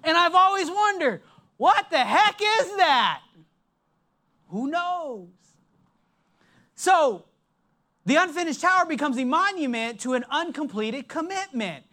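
Slow, deliberate preacher with lively pitch. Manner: emphatic, slow and deliberate, drops low for stress. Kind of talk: sermon.

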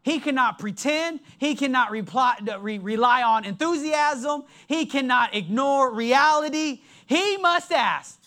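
A preacher giving a sermon in an emphatic, deliberate way, dropping his voice low to stress points. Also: animated, bright, forceful tone.

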